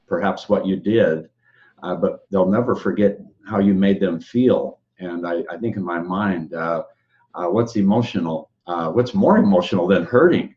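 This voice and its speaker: Very low male voice, halting casual talk with many fillers, lo-fi recording. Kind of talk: casual conversation. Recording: dull lo-fi sound.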